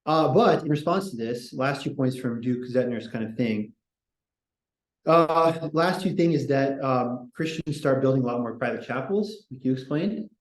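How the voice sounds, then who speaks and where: A man hosts a casual history talk, reading quotes and wandering into opinionated asides. His voice sits at a middle pitch. The recording carries a noticeable room echo. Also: moderate pace. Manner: digressive, opinionated, animated asides. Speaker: podcast host. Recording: echoey room.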